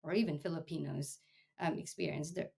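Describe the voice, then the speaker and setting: A woman's voice: deep voice, steady tone, a little fast, vocal fry, dark tone, slightly rough. A woman from the United States hosting an interview, asking probing questions and reflecting on the answers. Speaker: interview host. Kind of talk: casual interview conversation.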